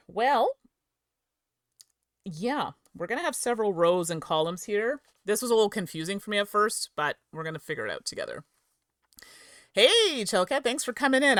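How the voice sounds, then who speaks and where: A woman with a mid-range, fairly bright voice hosts a live game stream from her home setup, chatting with viewers and laying out the rules. She giggles and trips over her words now and then. The sound is dry and clean, like a studio.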